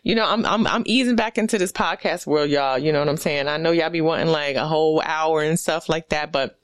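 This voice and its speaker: Woman podcaster from the east coast, lowish voice, dry sound, cussing and riffing sarcastically. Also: a little fast, clean tone, no echo. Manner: animated, profane, sarcastic riffing. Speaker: podcast host. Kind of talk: casual solo podcast monologue.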